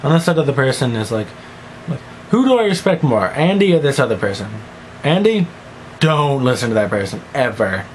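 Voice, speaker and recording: Teen boy, goofy one-take vlogger, scattered and silly, mid-pitched, faint background hiss. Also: big pitch swings, a little fast, poor audio. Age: teens. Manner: goofy, scattered, jumps between silly voices and mumbles. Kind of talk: rambling one-take vlog monologue.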